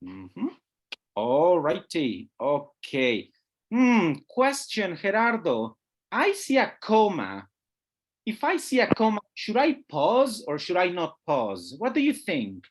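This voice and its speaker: Over a video call, a teacher trainer with a mid-range voice and huge pitch swings leads an online webinar at a slow pace. Patient throughout, she keeps checking that participants are following and often addresses them as "guys."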